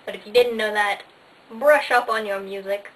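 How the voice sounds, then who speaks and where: A woman's voice: medium pitch, moderate pace. A teenage girl vlogging casually, bubbly and sarcastic, with lots of "like" fillers. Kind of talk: casual chatty vlog. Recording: faint hiss, slightly distant mic.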